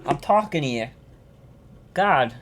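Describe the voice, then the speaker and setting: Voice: mid-range voice, animated, slow pace, slight background noise. A streamer chatting casually on a live reaction stream, ranting and swearing about games, often repeating themselves.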